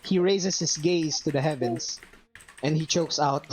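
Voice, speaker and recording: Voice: medium pitch, a little slow, low-quality recording. Game master, tabletop narration, descriptive, faint music underneath.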